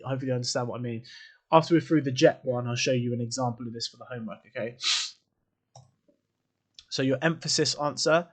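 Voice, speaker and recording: A man explains writing techniques as an English teacher, in a relaxed, chatty way. He keeps quizzing the listener and drops in offhand asides. His voice sits at an everyday middle pitch. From England. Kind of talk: classroom lesson video.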